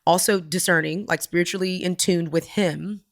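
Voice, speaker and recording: Woman podcast guest, candid storyteller, animated delivery with hushed moments. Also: fairly low pitch, moderate pace. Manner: animated, slips into soft whispers when moved.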